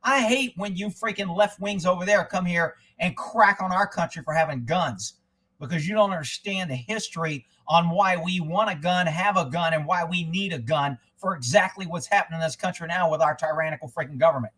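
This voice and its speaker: A man's voice: sits high, brisk, sharp tone, slightly rough, rough recording. A man hosting a casual livestream and ranting in a folksy, profane, rambling way. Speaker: livestream host. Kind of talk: casual political rant.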